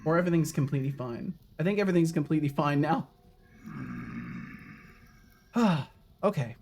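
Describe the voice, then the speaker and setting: A man's voice: fairly high pitch, lively intonation, normal speed, darkish tone. A man live-streaming a video game, chatting casually with his viewers and swearing often. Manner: swears often, talks to chat while playing.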